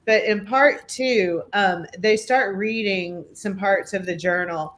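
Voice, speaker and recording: A man's voice: high-pitched, fairly bright tone. A man hosting a live stream, chatting with callers and retelling what struck him in an easygoing way. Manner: easygoing, encouraging, drawn-out retelling. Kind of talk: casual stream chat.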